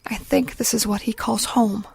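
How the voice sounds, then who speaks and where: A woman's voice: on the high side, moderate pace, creaky, slightly rough. A woman voicing a stern, protective older nun. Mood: grim. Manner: stern, firm and grim. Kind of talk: audiobook character reading.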